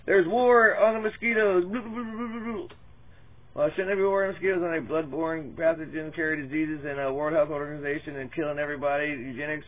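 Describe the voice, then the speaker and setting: A man's voice: a little high, slight background noise. A man reading Bible verses in a profane, rambling parody sermon, often losing his place. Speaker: mock preacher. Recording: tinny lo-fi phone-like sound.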